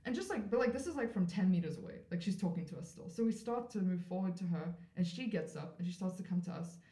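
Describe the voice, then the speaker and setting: Lower-voiced woman telling a story, roomy sound. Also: fast talker. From South Africa. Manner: animated, acts out quoted voices, frequent "like" fillers. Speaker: podcast guest. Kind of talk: storytelling in a casual interview. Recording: roomy echoey room.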